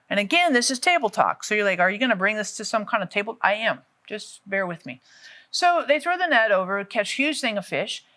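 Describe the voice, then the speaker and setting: Bright-voiced woman teaching the Bible. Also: on the high side. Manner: lively storytelling, acting out quotes.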